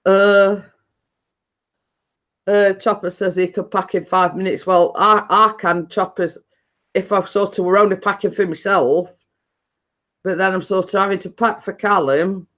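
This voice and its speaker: A woman's voice: mid-range voice, fairly even intonation, measured pace, long pauses, fairly bright tone. A middle-aged woman, chatting casually with viewers as a live stream host, laughing often and restarting her sentences.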